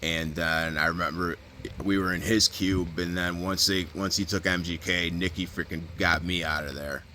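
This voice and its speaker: This vlogger speaks in a low, bright and forceful voice at a moderate pace, with fairly even intonation. He tells a prison story loosely, packing it with fillers, profanity and frequent restarts. A little hiss or hum sits under the recording.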